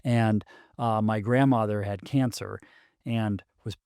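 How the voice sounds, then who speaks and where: A man in his forties telling a personal story as a podcast guest, halting and restarting often with many ums. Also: lowish voice, fairly even intonation, darkish tone, clean tone, dry recording, studio quality. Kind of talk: casual storytelling conversation.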